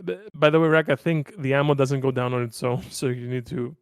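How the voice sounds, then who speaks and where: A man playing a tabletop game, chatting casually and asking quick questions. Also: mid-range voice, fairly even intonation, clear, resonant tone, dry recording, clean studio sound. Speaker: player.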